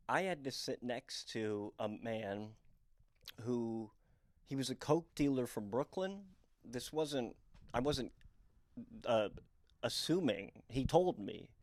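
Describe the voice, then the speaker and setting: A man's voice: mid-range voice, darkish tone, no room sound, clean studio sound. A young adult man from the northeastern United States, a comedian telling candid personal stories in a rambling, self-deprecating way with many fillers. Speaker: comedian and storyteller. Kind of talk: candid storytelling monologue.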